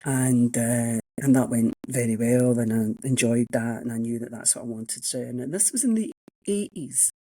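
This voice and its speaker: A Scottish woman in her sixties with a husky, slightly breathy voice, recorded dry and close. She spins frank, self-mocking anecdotes about her own path, chatty and unguarded. It sounds like an easy conversation on a podcast. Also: rumbling low, normal speed, warm tone, dry recording, low-quality recording. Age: 60s. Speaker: guest, economics professor. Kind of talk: casual interview storytelling.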